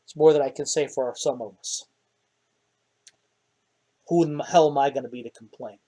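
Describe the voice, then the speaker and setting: A blunt, battered dwarf warrior, voiced by a man. He talks in a gruff, plain way, worn down by grief and injury, at a middle pitch. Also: normal speed, dark tone, natural voice. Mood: grieving. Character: grieving male dwarf warrior, wounded, blunt.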